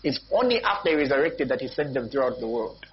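A pastor preaching a sermon, repeating phrases and jumping up in pitch and volume for emphasis. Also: male voice, sing-song, fast talker. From Zambia. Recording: dull lo-fi recording with faint noise.

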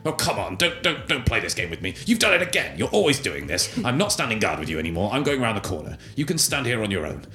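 A man's voice: on the low side, big pitch swings, fast talker, hardly any pauses, bright, forceful tone, faint music behind, heavily acted. A man voicing a petulant, aggressive male guard who bickers and blames his partner in a tabletop game. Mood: accusing. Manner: petulant, squabbling. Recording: roomy echo.

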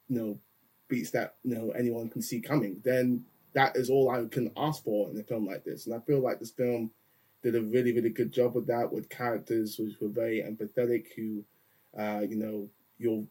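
A man's voice: mid-range voice, a little mellow. A man co-hosting a casual film review chat, earnest and full of "you know" asides. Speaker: podcast co-host.

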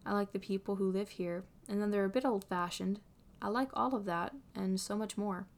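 A woman's voice: mid-range voice, fairly even intonation, normal speed, close to an everyday voice. A woman voicing an earnest young man who bursts into emphatic exasperation, read from a fan story. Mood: wistful. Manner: emphatic, rising to exasperated outbursts.

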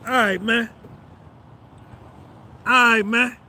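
Bragging guy in his 50s on a live stream, high voice, says things twice, faint traffic around. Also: fairly even intonation, takes it slowly, bright, forceful tone. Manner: swaggering, repeats phrases for emphasis. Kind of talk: boastful motivational monologue.

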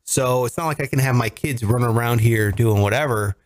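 A man's voice: medium pitch, a little fast. A man in his thirties hosting a casual podcast, joking and teasing his co-hosts in banter. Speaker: podcast host.

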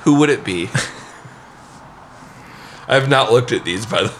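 Giggly, animated podcast host man. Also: medium pitch, a little slow, a little hiss or hum. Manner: giggly, animated, breaks into laughter often. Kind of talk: casual podcast chat.

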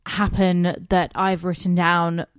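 A woman's voice: on the low side, flat delivery, slow, clear, resonant tone, dry recording, clean studio sound. A young adult woman co-hosting a podcast, a makeup artist, chatting casually in a playful, teasing, bubbly way. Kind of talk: casual chat.

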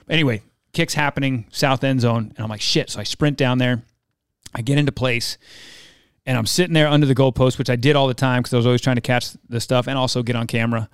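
A man's voice: mid-range voice, smooth, dry recording, studio quality. A middle-aged man, a former team mascot, telling stories on a podcast, acting out quotes and swearing freely. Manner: lively, acts out quotes loudly and swears freely. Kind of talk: casual storytelling.

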